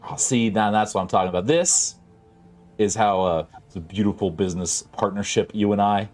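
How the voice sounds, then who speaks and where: A man voicing a pushy, fast-talking male padlock salesman in a tabletop game, full of sales patter. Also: lowish voice, a little mellow, soft background music, natural voice. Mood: pleased. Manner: eager sales patter, many fillers.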